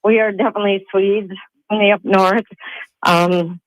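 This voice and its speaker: An older woman with a Minnesotan accent talks on a phone line into a morning radio show. She is flustered and laughing, searching for words, and her voice sits at a middle pitch. The sound is very dry. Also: fairly even intonation, normal speed, dry recording. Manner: flustered, laughing, caught off guard. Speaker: caller. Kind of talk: casual phone chat.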